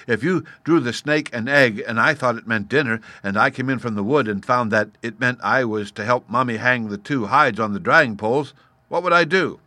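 A man reading a storybook and voicing an excitable little cave girl, eager and breathless as her excitement rises. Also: mid-range voice, moderate pace, no room sound, natural voice. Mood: fretful.

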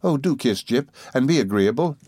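A man voicing a timid, childish young woman who coaxes and pleads in a high, fluttery voice. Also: lively intonation, moderate pace, a little mellow, husky, no echo. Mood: coaxing.

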